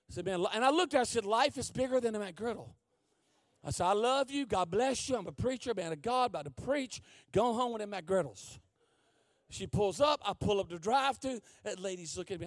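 A male preacher delivers a storytelling sermon in a high, lively voice that leaps across its range. He drops to hushed asides and then climbs to full shouts. The sound is dry and close. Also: a little fast, no echo. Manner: animated, comic, swings from hushed asides to shouting. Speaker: guest preacher.

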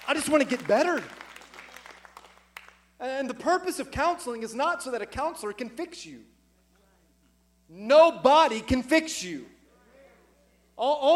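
A middle-aged man preaching a sermon as pastor to his congregation, swelling loud and emphatic on his key points. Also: extremely high pitch. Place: church sanctuary with congregation.

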